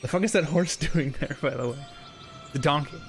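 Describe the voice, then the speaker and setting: A man's voice: on the high side, moderate pace, over music. A young man joking and sarcastic as he streams a video game casually. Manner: joking, sarcastic, breaks into silly voices. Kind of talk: casual live-stream commentary.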